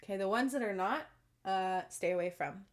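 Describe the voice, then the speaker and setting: A woman's voice: mid-range voice, moderate pace. A woman talking casually to her viewers, earnest and emphatic, often checking in with "okay?". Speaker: self-described spiritual channeler. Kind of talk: casual monologue to camera.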